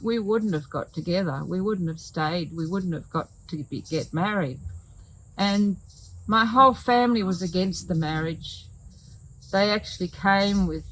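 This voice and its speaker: An older woman, telling a personal testimony in a slow, earnest way with many pauses. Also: on the low side, a bit bright, a little hiss or hum, poor audio. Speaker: women's talk show host.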